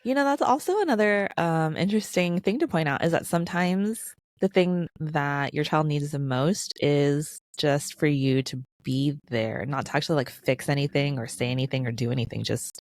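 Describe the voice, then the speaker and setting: A woman in her late thirties co-hosting a podcast, supportive and reflective, slowing down to make a point. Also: low voice, dry recording, studio quality. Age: late 30s. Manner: supportive, reflective, slow when making a point. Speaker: podcast co-host. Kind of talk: casual chat.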